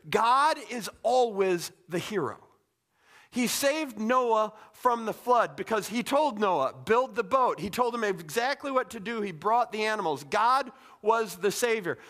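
A man with a notably high-pitched voice delivers a sermon. He talks like he's chatting with the congregation, animated and casual, tossing in little asides. He sounds middle-aged. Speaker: pastor.

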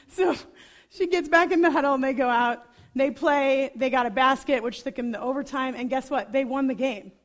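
A woman preaching a sermon, telling a story with chatty enthusiasm and lively asides. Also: high voice.

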